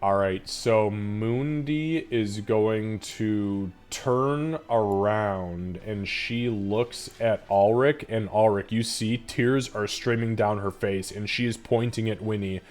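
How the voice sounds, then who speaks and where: A man running a live tabletop game as game master, narrating and swearing freely in an animated way. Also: lowish voice, slow pace, hardly any pauses, soft background music.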